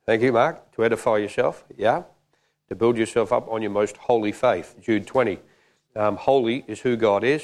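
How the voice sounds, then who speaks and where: A male preacher delivers a sermon in a loose, joking, conversational way. His voice sits fairly low, and he pauses with frequent fillers between his points.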